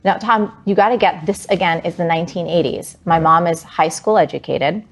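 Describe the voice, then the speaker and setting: A woman in her forties from New Jersey, telling a personal story as an interview guest, animated and vivid with many "like"s. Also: fairly low pitch, brisk.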